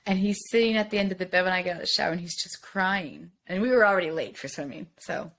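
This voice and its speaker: A woman in her thirties, a guest in a casual podcast chat, candid and quick to laugh, swearing casually as she acts out her own past words. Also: on the low side, a bit bright.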